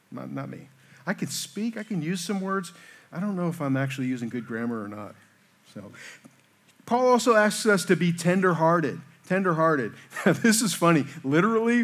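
A man delivers a sermon in a relaxed, conversational way. He keeps checking in with his listeners and makes light jokes at his own expense. His voice sits a little higher than most men's. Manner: self-deprecating asides. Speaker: pastor.

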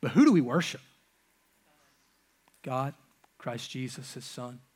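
A man preaching a sermon as pastor, with impassioned delivery that swings from loud urgent peaks to hushed low lines, acting out God's voice and the congregation's objections. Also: animated, slow pace, breathy edge.

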